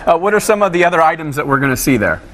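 A man's voice: on the high side, very animated, fairly bright tone. A man co-hosting a live TV talk show, chatting upbeat and promotional with guests and joking along. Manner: upbeat, promotional, quick to joke. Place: TV studio. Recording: TV studio with music and audience.

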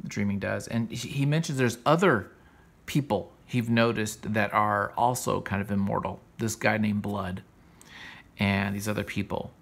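A man's voice: on the low side, fairly even intonation, a little slow, vocal fry, a bit bright. A man hosting a comics show, casually retelling a comic book story in a rambling, enthusiastic way with frequent restarts.

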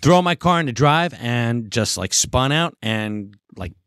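A man's voice: mid-range voice, measured pace, smooth, no room sound, clean studio sound. A man telling a rambling, profane anecdote on a podcast in casual chat, acting out the quoted lines. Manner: profane, animated storytelling, acts out quotes. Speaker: podcast guest. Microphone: podcast studio mic.

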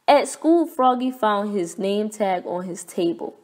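A woman reading a children's picture book aloud in a clear, expressive, deliberate way. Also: medium pitch. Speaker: storybook reader. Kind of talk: children's read-aloud narration.

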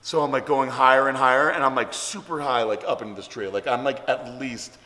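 This man hosts a vlog, speaking fairly quickly in a sharp, mid-range voice with mostly level intonation. His story wanders loosely, peppered with ums and likes. Long reverb fills the echoey room around him.

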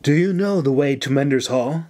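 A man's voice: medium pitch, normal speed, darkish tone, lightly acted. A man voicing a firm, commanding woman who gives orders in an audiobook.

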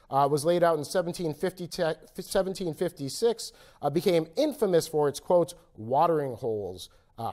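A man's voice: medium pitch, a little mellow. A man giving a public history lecture with slides, talking conversationally with fillers and little asides to the audience. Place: lecture room at a history center.

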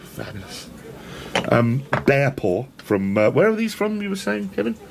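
Gravelly-voiced enthusiastic man. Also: medium pitch, sing-song, unhurried, slight background noise. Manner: enthusiastic, rambling, self-deprecating. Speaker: presenter. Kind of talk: walk-around shop tour vlog. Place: indoor shop.

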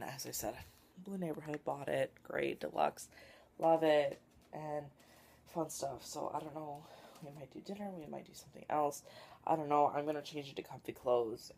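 A man's voice: fairly high pitch, vocal fry. A young man vlogging his day in a rambling, venting way, full of "like". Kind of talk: casual vlog to camera. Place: home, then out and about. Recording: noisy background.

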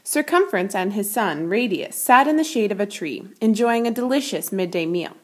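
A woman's voice: medium pitch, expressive, normal speed. A woman teacher reading a children's picture book aloud and explaining math concepts with patient clarity.

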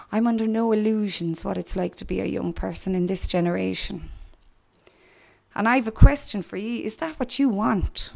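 Irish woman, middle-aged, church testimony speaker, earnest and direct, slightly high voice. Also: vocal fry. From Ireland. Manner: earnest and direct, addressing young people. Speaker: guest speaker giving testimony.

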